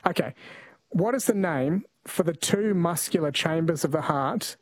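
A man's voice: fairly high pitch, normal speed, no echo, rough recording. A man hosting a radio call-in quiz, chatting casually with callers and often correcting himself mid-sentence. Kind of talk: casual talkback radio chat.

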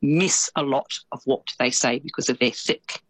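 A woman with an Australian accent reporting as a radio correspondent, chatty and lively and quick to laugh. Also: rumbling low, dry recording, poor audio. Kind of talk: casual radio chat.

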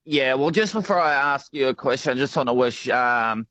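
A man's voice: medium pitch, normal speed, a bit bright, dry recording. A man calling in to a radio show by phone, friendly and a bit hesitant. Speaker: caller. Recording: dull phone line.

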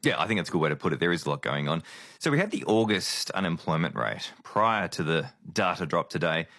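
A man's voice: sits low, expressive, fairly quick, a bit bright, no echo, clean studio sound. A man, a business correspondent, explaining economic figures. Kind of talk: live news cross.

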